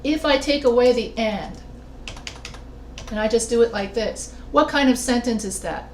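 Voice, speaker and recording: A woman's voice: a little high, normal speed. A female writing instructor giving an online class lecture. She explains step by step and quizzes her students with questions. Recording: roomy echo with faint noise.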